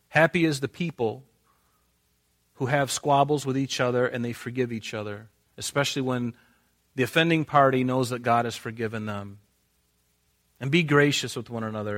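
A male pastor delivers a sermon in a middle-pitched voice. He pushes certain lines out loud and emphatic, then sinks into quiet, close asides, and at times acts out quoted dialogue from the text. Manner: swings between loud emphatic and quiet intimate.

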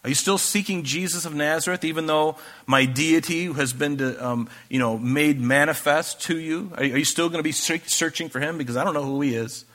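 A male pastor delivers a sermon, reading scripture passages aloud and then explaining them in a relaxed, conversational way. His voice is bright and forceful and sits a little high for a man. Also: brisk, few pauses.

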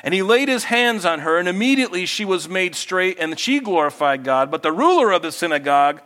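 A man preaching with a slightly higher-than-usual voice. He drops to soft, confiding asides, then lifts into raised, emphatic lines. His delivery is expressive, shaped for a congregation. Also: brisk. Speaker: pastor. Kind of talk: sermon.

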